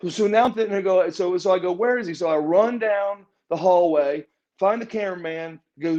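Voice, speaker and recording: A man's voice: sits high, a little fast. A man guest in a podcast interview, telling stories casually and acting out other people's lines in changed voices. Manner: animated, acts out quotes in changed voices. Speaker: interview guest, former wrestler. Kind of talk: casual storytelling in a shoot interview. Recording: slightly dull, lo-fi podcast audio.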